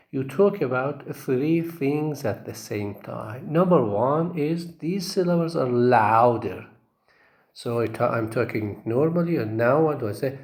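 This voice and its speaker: A man teaching a lecture class, speaking with an Arabic accent, halting and repeating himself with many fillers and frequent checks of "okay?". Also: medium pitch, darkish tone.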